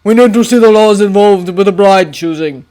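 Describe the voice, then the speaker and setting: A woman voicing a commanding middle-aged male king who makes loud proclamations. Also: mid-range voice, moderate pace, lightly acted. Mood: urgent.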